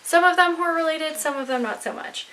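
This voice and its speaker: A young adult woman showing off her recent purchases in a casual vlog at home, chatty and excitable, a little out of breath. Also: high-pitched, fast talker, a little hiss or hum. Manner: chatty, excitable, rambling with fillers. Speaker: vlogger. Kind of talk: casual show-and-tell haul video. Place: home, indoors.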